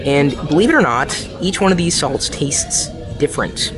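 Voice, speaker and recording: A man's voice: on the high side, animated, normal speed, over music. A man hosting a casual vlog, joking with his partner and describing the food at a restaurant. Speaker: vlog host. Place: restaurant and parking garage.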